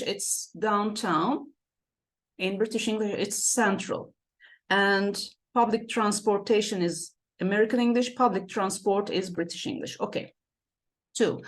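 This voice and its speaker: Slow, lively-pitched woman teaching English. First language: Turkish. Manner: patient, repeats key words, asks "okay?" and "right?" often. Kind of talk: classroom-style explanation.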